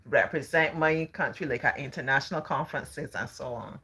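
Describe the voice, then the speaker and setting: A woman's voice: a bass voice, normal speed, bright, forceful tone, husky. A middle-aged woman from Barbados with a Barbadian accent, telling a story in a drawling, sing-song way. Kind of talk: storytelling talk.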